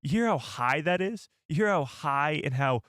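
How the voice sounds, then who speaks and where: A man hosting a live stream and reacting to a trailer, excitable and incredulous, talking straight to his chat. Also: fairly high pitch, normal speed, dry recording, clean studio sound.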